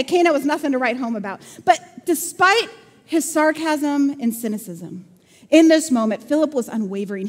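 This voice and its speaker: A woman preaches with a bright, high voice, telling stories with playful, sarcastic humor. Her sermon rings out in a large church hall, and a long reverb trails each phrase. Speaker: pastor.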